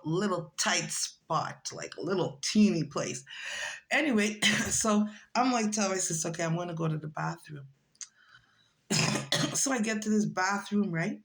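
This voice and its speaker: The audio is poor as this vlogger, a woman in her forties with a mid-range voice, recounts a personal story in casual monologue. She animatedly acts out what other people said.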